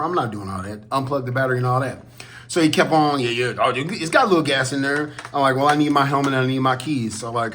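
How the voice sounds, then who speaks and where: Brief: man, casual vlog rant, profane and animated, mid-range voice. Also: medium pitch, a little hiss or hum. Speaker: collector vlogger.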